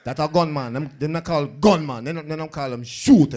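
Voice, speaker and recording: A man's voice: on the high side, a little fast, a little mellow. A man with a New York accent doing a stand-up comedy set on a live club stage, bantering loosely with the crowd in street talk. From South Bronx, New York.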